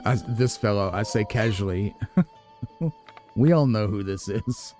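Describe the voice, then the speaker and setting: A man giving relaxed, musing commentary as he plays a video game, chuckling at himself now and then. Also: lowish voice, a little slow, pauses often, faint music behind. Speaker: let's play gamer. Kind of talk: casual gameplay commentary.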